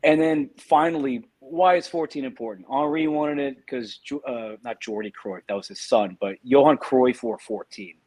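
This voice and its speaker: A man's voice: mid-range voice, moderate pace, hardly any pauses, a little mellow. A man co-hosting a podcast in a casual live-stream chat, with dry, wry humor. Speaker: podcast co-host.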